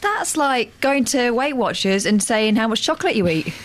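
A woman's voice: fairly high pitch, animated, normal speed. A woman co-hosting a radio show, making dry, sardonic remarks in casual chat. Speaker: radio co-host.

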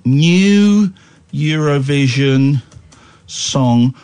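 A man's voice: a little high, animated, extremely slow, a little mellow, clear, resonant tone. A man hosting late-night radio, swinging between mock rants and dry offhand banter. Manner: mock-ranting, bombastic, then dry and offhand. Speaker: radio host.

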